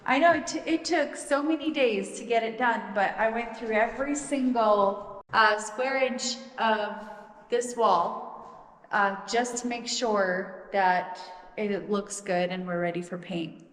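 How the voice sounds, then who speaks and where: A woman's voice: on the high side, takes it slowly. A woman vlogging in casual chat about her workshop project, talking in a chatty, enthusiastic way. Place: unfinished shop building. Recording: echoey roomy shop with long reverb.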